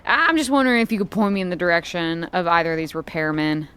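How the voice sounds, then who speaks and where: A woman's voice: on the low side, fast talker, fairly bright tone, smooth. A woman playing a tabletop game with friends, chatting casually and laughing easily. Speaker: player. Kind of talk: casual chat.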